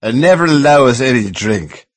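A man's voice: mid-range voice, animated, moderate pace, pitched above the performer's own voice, close to an everyday voice. A man voicing a very drunk old man who talks in clipped, broken phrases, in a storybook reading. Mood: drunken.

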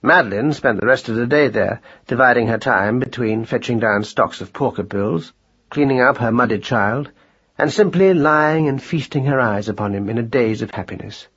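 A man narrating a storybook in a measured, gently wry telling. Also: medium pitch, husky, muffled recording. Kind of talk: audiobook narration.

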